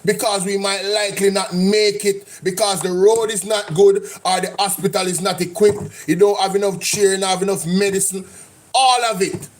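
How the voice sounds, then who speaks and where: A man's voice: sits high, fairly even intonation, normal speed, a little hiss or hum. A Jamaican man hosting a live stream, reacting to politics with an impassioned, repetitive rant. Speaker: political commentary host.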